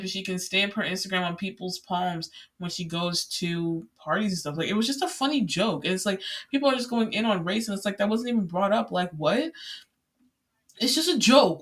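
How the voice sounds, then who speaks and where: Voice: medium pitch, bright, forceful tone. A young adult podcast host rambling through a casual solo monologue with many filler words and an exasperated tone. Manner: exasperated ranting.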